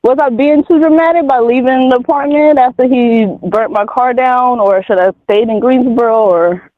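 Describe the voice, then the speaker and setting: A man in his twenties from North Carolina, calling in for advice, talking haltingly with many fillers and restarts. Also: extremely high pitch, no room sound. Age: 20s. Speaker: caller. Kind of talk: advice call-in conversation. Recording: tinny phone line.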